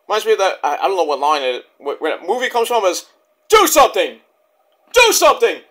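A man rambling excitably through a casual wrestling review, swearing often. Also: high voice, fast.

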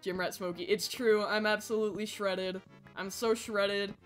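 A woman streaming a game and chatting with her viewers, excitable and squealing over cute animals, swearing casually, with faint game music behind her. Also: medium pitch, normal speed. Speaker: Twitch streamer. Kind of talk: casual gaming livestream chat.

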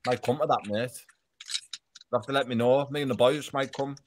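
A man's voice: medium pitch, steady tone, a little fast, background noise. A man from England, bantering in a casual chat and swearing freely.

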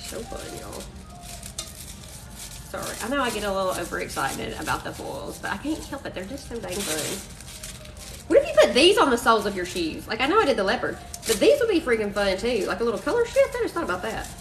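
A woman's voice: medium pitch, sing-song, fast talker, distant mic, low-quality recording. Bubbly woman crafting live. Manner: bubbly, says "y'all" and "freaking" a lot. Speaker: craft live-stream host. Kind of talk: chatty live-stream crafting demo. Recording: voice a bit off-mic, faint music behind.

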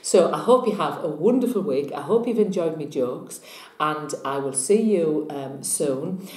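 A woman's voice: low voice, lively intonation, measured pace, darkish tone, reverberant. A woman with a chatty, rambling manner, reading tarot cards and telling jokes in a casual vlog. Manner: chatty, rambling, laughing at herself. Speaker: tarot reader and vlogger.

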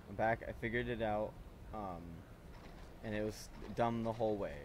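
A man's voice: lowish voice, steady tone, normal speed, slight background noise. A man playing a video game and talking to himself with frustrated, swear-heavy commentary. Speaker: gaming channel host. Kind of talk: let's play commentary.

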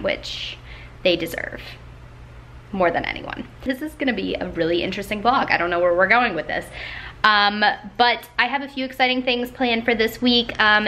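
A woman's voice: medium pitch, sharp tone, slight background noise. A young woman vlogging casually at home, chatty and gushing, with plenty of filler "like"s. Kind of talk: casual vlog talk to camera.

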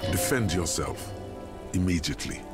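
An actor voicing the blunt inner narrator of a detective game, who speaks to the player as you. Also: male voice, sits low, lively intonation, moderate pace. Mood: grave. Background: game music.

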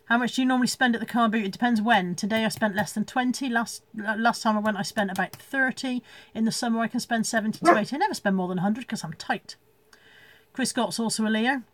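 A woman's voice: a little high, quick pace, dry recording. A woman chatting casually from home on a live stream, rambling, laughing often and reading out viewer comments. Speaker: reseller hosting a live stream.

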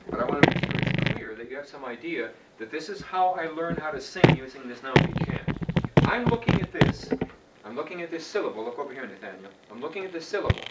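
A man teaching a chant class, explaining informally to students with restarts and asides. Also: medium pitch. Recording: roomy sound from a distance, faint background noise.

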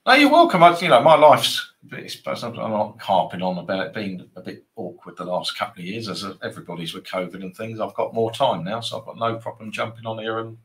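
A man's voice: fairly low pitch, fairly even intonation, a little fast, few pauses. A man hosting a live football trading stream, chatting casually and bantering with viewers in a rambling way.

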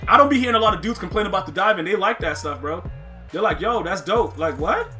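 A man giving casual, slangy live commentary on a football video game, excitable, laughing often and talking to his chat. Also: sits high, fast, faint music behind. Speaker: gaming streamer.

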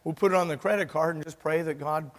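A pastor preaching a sermon, an animated storyteller who acts out the dialogue of his story. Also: a little high, fast. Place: church sanctuary. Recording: church hall reverb.

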